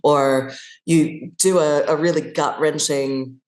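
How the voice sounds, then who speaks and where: Low-voiced woman in an echoey room. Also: fairly even intonation, slow, darkish tone. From Australia. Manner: thoughtful, restarts often, acts out examples. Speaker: guest actor. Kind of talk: conversational podcast interview.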